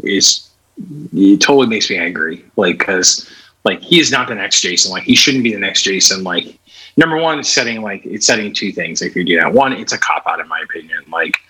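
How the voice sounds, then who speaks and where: Husky low man, emphatic "like"-filled chat. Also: expressive, a little fast, bright, forceful tone, low-quality recording. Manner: emphatic, nearly every phrase starts with "like". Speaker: podcast co-host. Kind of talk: casual chat.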